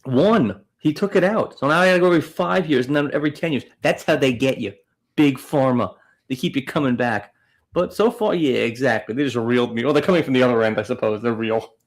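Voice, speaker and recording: A man co-hosting a comedy podcast, cracking dry, deadpan jokes. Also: mid-range voice, fast talker. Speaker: podcast co-host.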